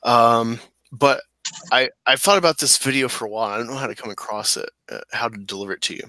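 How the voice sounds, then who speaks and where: A man's voice: medium pitch, fast talker, bright, forceful tone, no echo, low-quality recording. A man in his twenties hosting a livestream, chatting casually and rambling with many fillers and restarts. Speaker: channel host.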